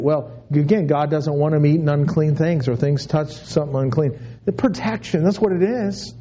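A high-pitched man preaching a casual, chatty sermon with a mellow, warm tone. He stumbles and repeats himself and slips into little acted voices for what people think. The recording sounds a bit dull and lo-fi. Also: normal speed, breathy edge. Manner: conversational preaching with many restarts and acted-out inner voices. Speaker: pastor.

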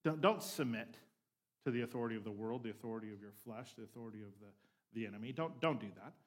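Speaking at a quick pace in a medium-pitched voice, a male pastor delivers a sermon that feels like a conversation. He keeps checking in with his listeners and shifts between emphasis and quieter remarks.

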